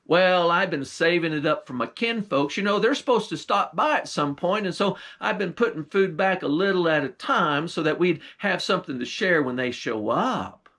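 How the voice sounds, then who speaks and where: A man's voice: high voice, animated, normal speed, hardly any pauses, fairly bright tone, heavily acted. A man doing a prickly old farm wife. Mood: defensive. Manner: defensive, excuse-making.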